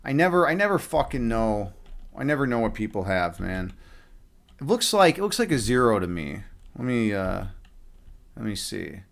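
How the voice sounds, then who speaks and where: A man's voice: lowish voice, sing-song, normal speed, gravelly. A man live streaming a chess game, chatting casually from his home setup, rambling with lots of restarts and the odd swear word.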